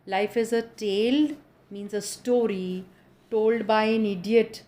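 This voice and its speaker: Slow-paced Indian woman lecturer. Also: mid-range voice, steady tone, mellow. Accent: Indian English. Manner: slow, explanatory, quotes lines and then paraphrases them. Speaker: college lecturer. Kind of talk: recorded literature lecture.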